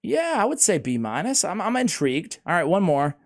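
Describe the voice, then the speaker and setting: A man hosting a casual gaming chat, excitable and laughing often, talking like he's with a buddy. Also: sits high, a little fast. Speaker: host.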